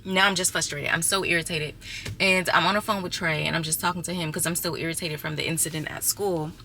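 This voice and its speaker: A woman's voice: deep voice, fairly even intonation, quick pace, bright, forceful tone, a little hiss or hum. A young adult woman vlogging casually to her viewers, chatty and exasperated as she talks to them as y'all. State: six months pregnant. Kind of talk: casual storytelling vlog.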